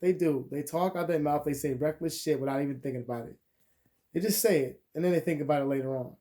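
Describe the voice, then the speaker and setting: A young man ranting through a crude storytime vlog, his voice swinging from loud outbursts down to muttered asides. His tone is mellow and dark, though he sits a little higher than most men. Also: quick pace. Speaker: vlogger. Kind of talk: profane storytime rant.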